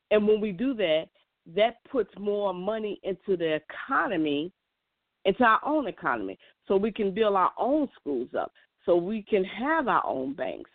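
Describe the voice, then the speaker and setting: A woman's voice: medium pitch, no echo. A woman in a casual monologue, earnest and emphatic, often restarting her sentences. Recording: tinny, dry phone-like sound.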